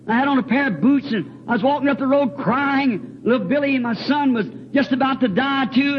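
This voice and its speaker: A man preaching an earnest, emotional sermon, repeating words and breaking into hymn lines. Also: extremely high pitch. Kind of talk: fervent sermon with personal testimony. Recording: dull lo-fi recording with faint hiss.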